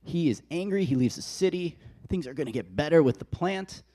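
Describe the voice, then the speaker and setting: A man preaching a conversational sermon, telling the story in a casual, animated way. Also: on the high side, a little fast.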